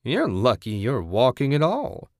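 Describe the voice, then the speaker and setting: A man's voice: mid-range voice, huge pitch swings, no room sound, studio quality, pitched above the performer's own voice. A man voicing a weathered older woman squatter with a coy, purring way of talking. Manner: purring, drawn-out.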